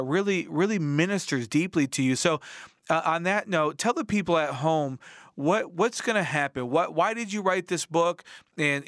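An earnest man hosts a Christian interview and leads into his questions with plenty of fillers. His voice sits a little high. The sound is dry and close. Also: fairly bright tone, no echo. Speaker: TV show host interviewing an author.

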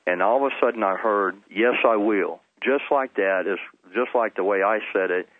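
A man's voice: fairly low pitch, a little fast. A middle-aged man, telling his personal testimony earnestly as a phone-in guest. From Texas. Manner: earnest storytelling with restarts. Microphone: telephone. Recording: tinny phone line.

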